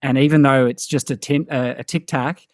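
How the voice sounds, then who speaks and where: A man's voice: medium pitch, steady tone, moderate pace, no room sound. Aussie man, 30s, podcast guest; loose, meandering delivery, dry close mic. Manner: rambling, thinks aloud with many fillers. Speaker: guest musician. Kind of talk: casual podcast conversation.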